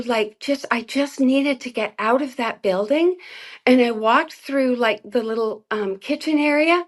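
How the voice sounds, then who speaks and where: A woman giving an emotional personal testimony as an interview guest, talking earnestly and haltingly with many fillers. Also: a little high.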